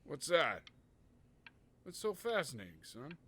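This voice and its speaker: A soft-spoken grieving father. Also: fairly high pitch, wildly swooping pitch, measured pace, a little hiss or hum, heavily acted. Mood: tender. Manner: soft, subdued, tender delivery. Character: grieving widowed father, gentle and quiet. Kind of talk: video game voice acting.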